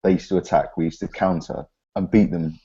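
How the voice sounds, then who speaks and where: A very deep, dark Mancunian male voice with a husky edge. He lays out his points in a plain, matter-of-fact way. The audio sounds dull and lo-fi. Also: fairly quick. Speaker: fan pundit. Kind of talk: casual football chat.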